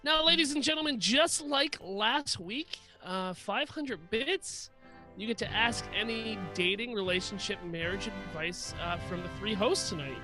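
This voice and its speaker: A man's voice: high-pitched, unhurried, sharp tone, soft background music, rough recording. A man co-hosting a live-streamed podcast, announcing rules and joking around casually. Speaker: podcast co-host.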